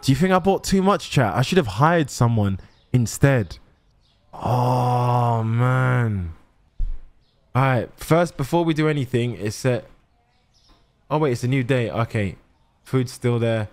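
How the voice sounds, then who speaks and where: A man's voice: medium pitch, expressive, measured pace, pauses often, soft background music. A young man chatting to his chat while he plays a shop game, swearing often. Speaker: streamer playing a shop simulator. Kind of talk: casual gameplay commentary to chat.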